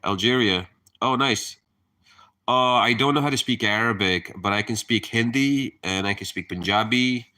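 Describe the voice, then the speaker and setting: A man's voice: medium pitch, normal speed, pushed and bright. A man chatting casually on a live stream, rambling, laughing and cursing freely. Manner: hyper, chatty.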